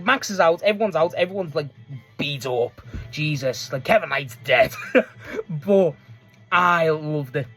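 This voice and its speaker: A man giving a casual, rambling recap of a wrestling match, excitable and quick to laugh and swear. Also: high voice. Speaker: wrestling fan reviewer.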